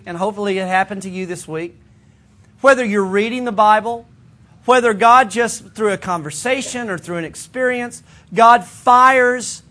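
A man with a notably high voice teaches from the pulpit in a relaxed, conversational way. He is earnest and direct, and now and then he stumbles over a restart before pressing on. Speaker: pastor. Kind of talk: sermon teaching to a congregation.

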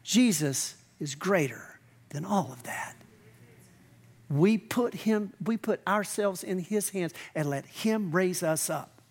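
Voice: mid-range voice, expressive, takes it slowly, a little mellow. A pastor preaching a sermon in a conversational, emphatic way, acting out quoted lines.

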